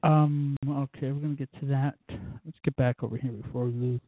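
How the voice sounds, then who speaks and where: A man's voice: mid-range voice, steady tone, a little fast, dry recording. A man hosting a podcast alone, rambling and profane, with mimicked voices and sound effects. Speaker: podcast host. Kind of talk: casual solo monologue. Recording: tinny phone-like lo-fi sound.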